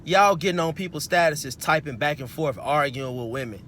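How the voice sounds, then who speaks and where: A man's voice: fairly high pitch, normal speed, a bit bright, a little hiss or hum. A young man, giving a casual, preachy monologue to his viewers, full of "you know" fillers. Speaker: host.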